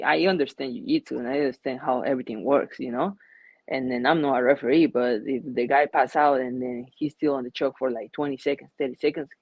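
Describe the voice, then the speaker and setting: A man's voice: mid-range voice, no room sound, dull audio. A young man, a fighter answering interview questions in a loose, rambling way with many fillers and restarts. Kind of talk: casual interview.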